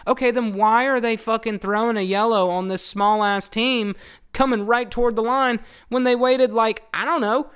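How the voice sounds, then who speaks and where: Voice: medium pitch, a bit bright, clean tone. Heated, profane ranting host. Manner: heated, swearing often, repeats points for emphasis. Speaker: channel host. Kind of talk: profane old-school rant to camera.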